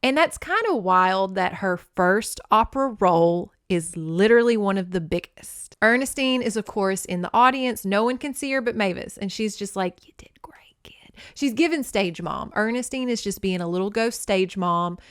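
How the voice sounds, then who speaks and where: A woman podcast host giving a campy, animated comedic recap of a novel and slipping into character voices. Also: medium pitch, clean tone, dry recording, clean studio sound.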